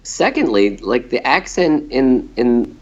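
A man's voice: mid-range voice, big pitch swings, slow pace, muffled recording. A middle-aged man from the United States, an actor being interviewed, who talks casually and animatedly, laughs easily and often repeats his first words.

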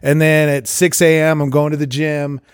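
A man in his forties co-hosts a casual podcast, talking in an earnest, halting way, full of "you know"s. His voice sits a touch higher than most men's. The sound is close and dry, with no room echo. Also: flat delivery, clean tone. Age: 40s. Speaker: podcast co-host. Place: basement studio.

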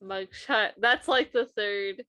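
Young woman co-host, mid-pitched, dry close sound, trails off a lot. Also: slow pace, bright, forceful tone, no echo. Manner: reactive, trailing off mid-sentence. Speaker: podcast co-host. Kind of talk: casual chat.

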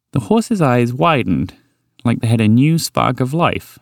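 A man narrating a children's story with an expressive reading. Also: fairly low pitch, moderate pace, no room sound, clean studio sound.

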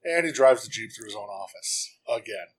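A man's voice: fairly low pitch, expressive, a little fast, slightly rough, poor audio. Casual male podcast co-host. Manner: loose, swearing, retells scenes with little put-on voices. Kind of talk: casual chat reviewing a sitcom episode.

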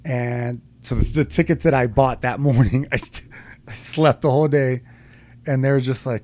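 A man's voice: mid-range voice, normal speed, warm tone. Laid-back young man telling a story. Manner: rambling, laid-back, frequent swearing and fillers. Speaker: podcast co-host. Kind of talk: casual storytelling chat.

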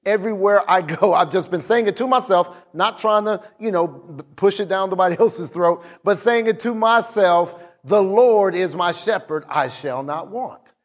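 High-voiced energetic male pastor preaching. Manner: energetic, repetitive preaching with slowed emphatic quotes. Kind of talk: sermon.

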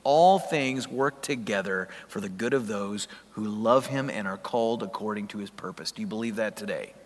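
A pastor preaching a sermon in a conversational, emphatic way, asking the congregation questions. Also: male voice, fairly low pitch, animated, moderate pace. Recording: long hall reverb.

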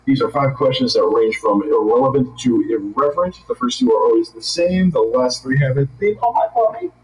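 A man hosting a casual interview, playful and quick to laugh. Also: mid-range voice, expressive, roomy sound, recorded from a distance, poor audio. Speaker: podcast host.

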